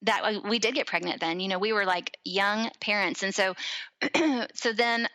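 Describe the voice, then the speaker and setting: A woman's voice: medium pitch, normal speed, low-quality recording. A woman in her thirties, a podcast guest, telling a personal story in casual chat and acting out the quoted voices. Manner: animated, acts out quoted voices.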